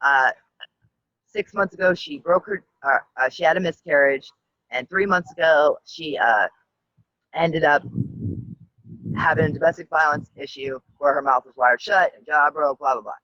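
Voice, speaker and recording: A woman telling a rambling personal story as a talk show guest, halting often with fillers and restarts. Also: deep voice, sharp tone, dry recording. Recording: dull, dry lo-fi audio.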